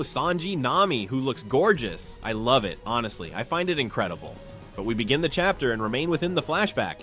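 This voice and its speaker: A man giving a chapter recap as a manga commentator, opinionated and quick to scoff at fan theories. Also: on the high side, a bit bright.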